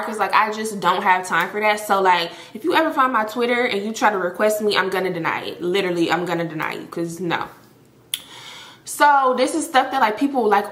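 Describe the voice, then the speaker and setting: A young woman talks to her viewers with a bright, clear voice, chatty and animated, with filler words all through. The sound bounces around an echoey room. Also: medium pitch. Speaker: storytime vlogger. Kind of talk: casual storytelling to viewers.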